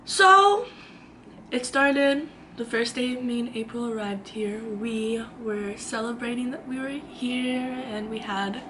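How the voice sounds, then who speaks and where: A woman's voice: on the high side, background noise. A young woman vlogging from her own room, telling a dramatic story in a chatty way and acting out the quotes. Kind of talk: storytime vlog.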